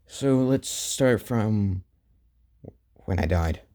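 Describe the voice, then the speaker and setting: A man voicing a calm, gentle young male demon in a casual spoken story. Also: lowish voice, drawn-out words.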